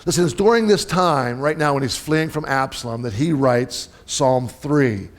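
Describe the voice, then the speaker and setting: A middle-aged male pastor preaching a sermon in a conversational way, often checking in with the congregation and swinging between loud and soft. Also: medium pitch, moderate pace.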